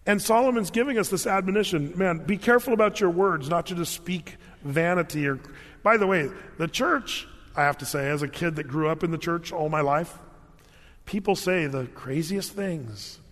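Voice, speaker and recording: Male pastor, casual funny sermon delivery, higher-pitched voice, long reverb. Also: fairly bright tone. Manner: humorous storytelling, conversational. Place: large church hall.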